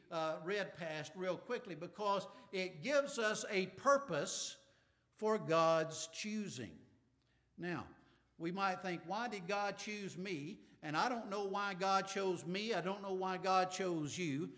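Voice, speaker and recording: A man's voice: high-pitched, takes it slowly, a bit bright. A man preaching a sermon, earnest, stretching key words and checking in with frequent "right?" asides. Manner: restarts and stammers, light sarcastic teasing. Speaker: pastor.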